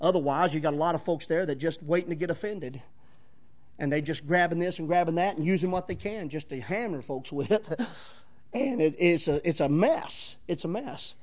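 A man's voice: on the high side, brisk, a little mellow. A man preaching a sermon, emphatic and folksy, repeating key phrases and talking straight to the congregation. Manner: folksy, conversational asides to the congregation.

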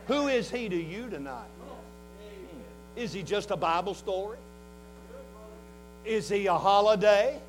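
A man in his sixties with a Southern US accent, preaching a fervent revival sermon in a folksy way that swings from hushed talk to shouting. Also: high voice, animated, measured pace, pauses often, noisy background. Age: 60s.

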